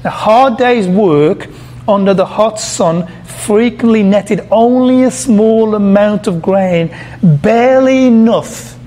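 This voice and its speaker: High-voiced man preaching with emphasis. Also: darkish tone. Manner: emphatic, asks the audience questions, repeats words while searching. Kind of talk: sermon to a congregation.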